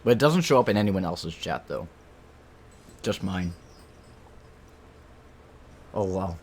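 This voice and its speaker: A man streaming a game and chatting casually with his viewers, relaxed and musing aloud, sometimes talking while he eats. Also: deep voice, takes it slowly, a little hiss or hum.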